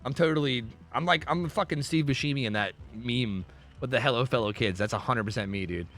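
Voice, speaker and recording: A man streaming live, chatting casually with viewers and commentating a match in an excitable, profane manner. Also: mid-range voice, fairly quick.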